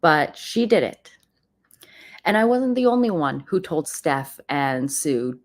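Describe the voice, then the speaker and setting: A woman's voice: low-pitched, expressive, takes it slowly. A woman hosting a livestream in casual commentary, chatting directly to her viewers as friends. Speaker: host of a livestream channel. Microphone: computer mic on a live stream.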